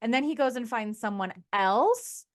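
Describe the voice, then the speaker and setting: A woman's voice: fairly high pitch, lively intonation, moderate pace, no echo, studio quality. A woman co-hosting a podcast who asks eager questions and recaps the guest's story. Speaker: co-host. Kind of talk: casual podcast chat.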